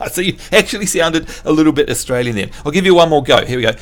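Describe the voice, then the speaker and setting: A man's voice: on the high side, expressive, quick pace. A man from New Zealand livestreaming a game, chatting in a jokey, self-mocking way with his viewers. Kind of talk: casual chat with viewers.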